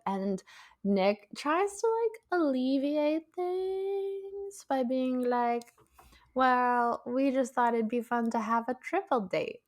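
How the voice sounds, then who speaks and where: A woman in her late twenties chats casually as a podcast co-host. She talks with animated energy, swears freely and slips into quick voices for the characters she retells. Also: on the high side. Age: 20s. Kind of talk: casual recap chat.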